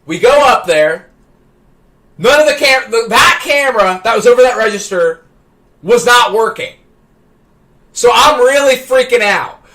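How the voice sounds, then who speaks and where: High, bright-voiced male streamer. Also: a little slow, long pauses. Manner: excitable, stammering restarts, builds to shouting. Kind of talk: animated anecdote telling.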